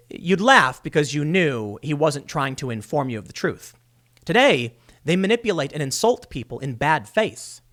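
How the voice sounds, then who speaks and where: Animated, high-voiced ranting male commentator. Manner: exasperated, sarcastic ranting; mocking voices when quoting people. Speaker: political commentary host. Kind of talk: solo commentary vlog.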